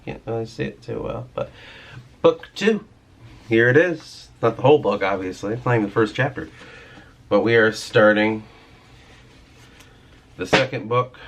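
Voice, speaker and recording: A man's voice: fairly low pitch, moderate pace, vocal fry, long pauses, a little hiss or hum. A man venting in a casual vlog about his writing and his job, rambling and swearing as he talks. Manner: frustrated, rambling, swears freely. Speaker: vlogger and writer.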